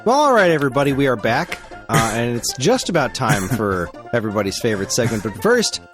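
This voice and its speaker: A male podcast co-host in casual chat, dry and teasing. He ribs his partner in a lowish, easygoing tone. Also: big pitch swings, brisk, over music.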